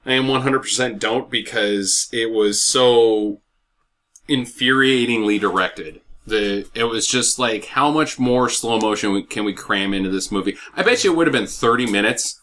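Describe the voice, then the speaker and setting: A man's voice: on the low side, normal speed, fairly bright tone. A man hosting a casual bad-movie podcast, opinionated and blunt, swearing freely as he rants. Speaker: podcast host. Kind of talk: casual movie review chat.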